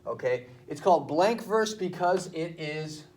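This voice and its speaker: A man's voice: on the high side, animated, unhurried, darkish tone, slight background noise. A male teacher explaining a poetry assignment to his class at the board in a casual, chatty way.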